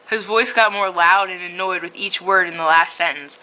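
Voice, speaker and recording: A woman's voice: on the low side, moderate pace, bright, forceful tone, rough recording. A woman casually reading her own fan fiction aloud, often breaking into giggles.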